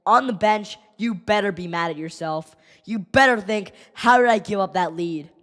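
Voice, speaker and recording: A woman streaming live hockey play-by-play, exasperated and ranting at the team, her voice going hoarse. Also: medium pitch, normal speed, fairly bright tone, big-room sound. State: losing voice.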